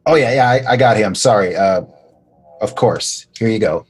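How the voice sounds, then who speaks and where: A man playing a tabletop game, talking in a hesitant, halting way. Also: fairly low pitch, darkish tone, slightly rough. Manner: slow, hesitant, halting speech. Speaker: player.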